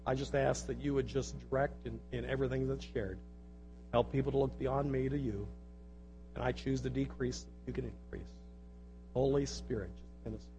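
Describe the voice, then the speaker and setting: A man preaching a sermon, reading scripture aloud with loud emphasis and dropping into quiet, intimate asides and prayer. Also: mid-range voice. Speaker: pastor.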